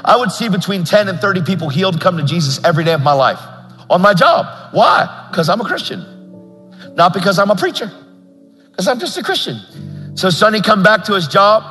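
A fervent male preacher tells a story from the pulpit in a high, bright voice. He builds to impassioned appeals. His voice carries a long reverb through the church, with faint music beneath. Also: big pitch swings, fairly quick. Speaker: guest preacher. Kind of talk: storytelling sermon.

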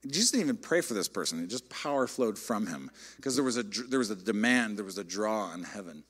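A middle-aged man, a pastor, preaching a sermon in a conversational, animated storytelling way. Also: lowish voice, quick pace, hardly any pauses. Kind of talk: sermon with personal stories.

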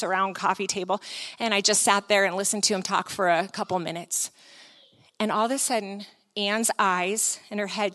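A woman preaching a sermon as an animated story, acting out the scene and often saying "like". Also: medium pitch. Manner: frequent filler "like".

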